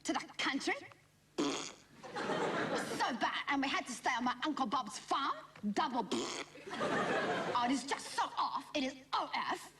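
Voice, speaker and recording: At a measured pace with long pauses, a woman delivers a very animated, high-pitched, exaggerated voice as a cheeky, gossipy Australian teenage schoolgirl in a live sketch monologue, whining nasally and saying "like" and "guess what" often. It's very noisy, with a distant stage mic and a loudly laughing audience.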